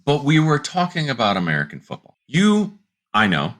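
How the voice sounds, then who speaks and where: A man co-hosting a casual podcast, telling a long joke and slipping into quick voices for its characters. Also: medium pitch. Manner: animated storyteller doing quick character voices. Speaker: podcast co-host.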